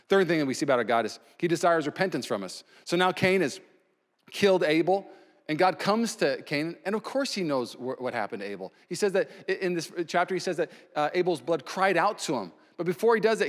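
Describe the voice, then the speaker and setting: A male pastor preaching a sermon in a slightly higher voice, emphatic and swinging between loud and hushed. His voice carries a long reverb from a large church hall.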